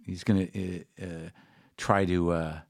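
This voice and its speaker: A man's voice: low voice, flat delivery, measured pace, no echo, clean studio sound. A middle-aged man telling a long, rambling story in casual chat, profane and full of fillers. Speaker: guest comedian.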